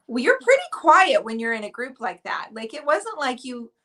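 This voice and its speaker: Woman host, bright sharp voice, earnest and affectionate, just chatting. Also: sits high, sing-song, normal speed. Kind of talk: casual chat.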